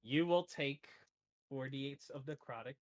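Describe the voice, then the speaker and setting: A man running a tabletop game as game master, relaxed and quick to laugh. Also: medium pitch.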